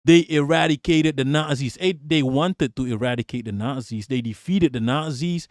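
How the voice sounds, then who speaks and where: A man's voice: medium pitch, moderate pace, dry recording, clean studio sound. A man live-streaming political commentary, ranting emphatically and repeating himself, with constant swearing. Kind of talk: profane reaction rant.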